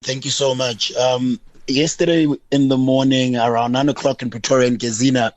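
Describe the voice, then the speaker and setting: Animated South African man retelling a story. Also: medium pitch, moderate pace, no echo, dull audio. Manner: animated storyteller, acting out both sides of a dialogue. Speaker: caller. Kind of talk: recounting a personal incident on radio.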